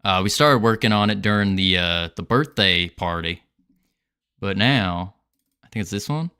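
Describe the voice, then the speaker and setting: A man's voice: lowish voice, normal speed, pushed and bright, a little hiss or hum. A man chatting casually on a game development livestream, playful and joking with his chat, laughing often.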